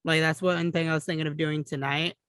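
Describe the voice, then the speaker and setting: Higher-voiced man in casual gaming chat. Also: brisk, clear, resonant tone, no room sound. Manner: relaxed, chatty, swears casually. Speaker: podcast co-host.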